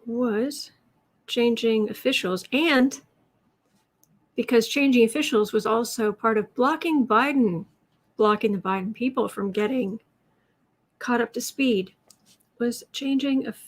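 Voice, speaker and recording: Tarot reader host, woman, slightly high voice, loose and chatty, thinks aloud between questions. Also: a little slow, pauses often. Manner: chatty, reads out questions, talks to her cat in a soft baby voice. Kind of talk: casual livestream chat.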